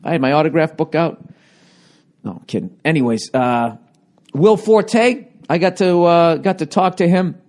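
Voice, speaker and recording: A man, a stand-up comedian, talking alone into a handheld recorder for his podcast. He swears constantly, rants in a lively way, and his voice is still cracking. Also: fairly high pitch, normal speed. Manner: profane, ranting, animated. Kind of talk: solo podcast monologue.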